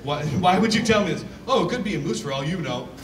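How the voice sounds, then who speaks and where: A man's voice: on the high side, expressive, fast. A young man from Michigan's Upper Peninsula doing a self-deprecating stand-up set, acting out quoted voices and yelping at his own punchlines. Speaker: stand-up comedian. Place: comedy club stage. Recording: echoey club from a distant mic with loud audience noise.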